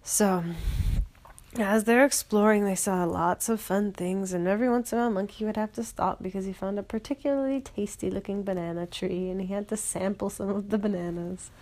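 Woman, bedtime storyteller, gentle, half-whispered, vocal fry. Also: on the low side. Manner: gentle, sometimes drops to a whisper.

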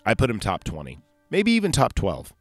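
A man's voice: medium pitch, wildly swooping pitch, fairly quick, no room sound, soft background music. A man hosting a casual solo podcast, recapping a film in a loose, rambling way and correcting himself as he goes. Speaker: podcast host.

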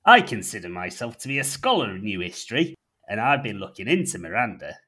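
A man putting on a gruff North Yorkshire conspiracist. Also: lowish voice, sing-song, a little fast, sharp tone, heavily acted. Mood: conspiratorial. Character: gruff older male janitor, scheming conspiracist.

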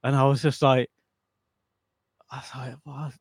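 Podcast co-host, male, gravelly and relaxed, chatty anecdotes, dry mic. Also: medium pitch, a little slow, no echo. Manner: rambling storyteller, many restarts and "I was like". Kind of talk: casual chat.

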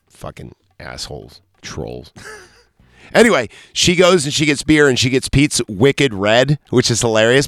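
A man's voice: mid-range voice, a bit bright, no echo. Guy on a podcast rambling about a movie, cussing a lot, dry close sound. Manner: rambling, profane, loose storytelling. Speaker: podcast host. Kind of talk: casual movie review chat.

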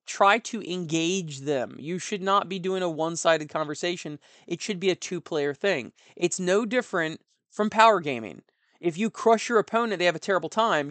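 A young man talks in a loose, rambling monologue, frank and a little animated as he drifts into asides. His voice sits a bit high for a man, and the sound is dry and close with no room around it. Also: dry recording. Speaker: tabletop gaming commentator. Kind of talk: casual monologue.

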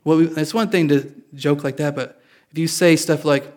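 A man's voice: on the high side, fairly even intonation, moderate pace, darkish tone. A man preaching a sermon in a casual, confessional way, joking with his listeners. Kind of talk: conversational sermon.

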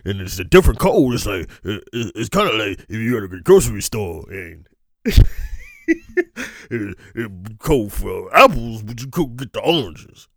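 Guy doing a big southern dude, stumbly and halting, lively up and down pitch, dry sound. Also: no echo, exaggerated voice. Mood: halting, amused. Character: big adult Southern man explaining billing codes.

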